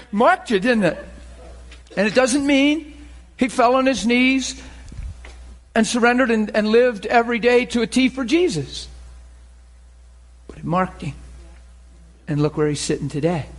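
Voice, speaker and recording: A man's voice: extremely high pitch, fairly bright tone, a little hiss or hum. A middle-aged man preaching a sermon in a conversational way, acting out little dialogues and laughing often.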